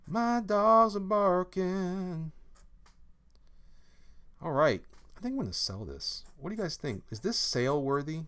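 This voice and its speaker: A man's voice: a little high, wildly swooping pitch, a little fast, a bit bright. Playful man chatting on a live stream. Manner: playful, reads chat aloud, hums and sings snippets. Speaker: comic artist streaming live. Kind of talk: casual live-stream chat while drawing.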